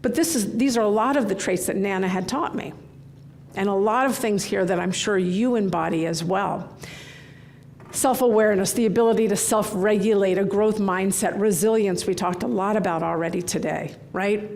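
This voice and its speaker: Keynote speaker, middle-aged woman, gravelly mid-pitched voice, candid and animated storyteller. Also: normal speed, a little hiss or hum. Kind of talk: conference keynote talk. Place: large conference hall.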